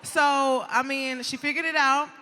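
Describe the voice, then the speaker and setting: A woman guest telling animated, profane stories in a casual interview, laughing often. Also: high voice, a little slow, in a large hall. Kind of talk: casual storytelling.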